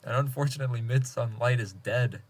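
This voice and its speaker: A man's voice: medium pitch, fairly quick, breathy edge. A man hosting a casual online contest stream, reading entries aloud with frequent laughs and casual swearing. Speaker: host of an online writing contest.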